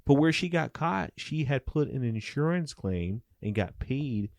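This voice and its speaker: A man's voice: mid-range voice, animated, measured pace, vocal fry, darkish tone, dry recording, studio quality. A middle-aged man and former police officer telling stories in a casual interview, swearing often and acting out the dialogue with animation.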